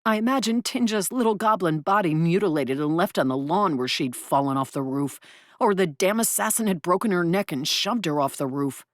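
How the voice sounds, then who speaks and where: Low, lively woman audiobook narrator. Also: no echo, studio quality. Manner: expressive, brisk. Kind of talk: first-person audiobook narration.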